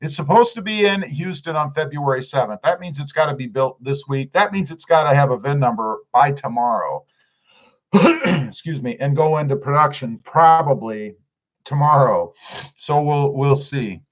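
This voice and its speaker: Male streamer, casual chat reader, animated and slightly high, dull lo-fi audio. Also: normal speed. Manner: reads viewer comments aloud and answers them. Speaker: livestream host reading chat.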